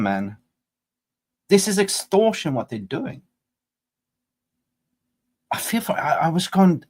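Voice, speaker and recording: A man's voice: a little high, sing-song, slow pace, pauses often, darkish tone. A man hosting a football fan channel, reacting with exasperated rhetorical questions. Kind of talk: reaction commentary.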